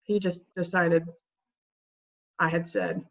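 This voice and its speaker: A woman's voice: lowish voice, level tone, takes it slowly, highs cut off. A woman in a casual group discussion who answers hesitantly, thinking aloud with fillers.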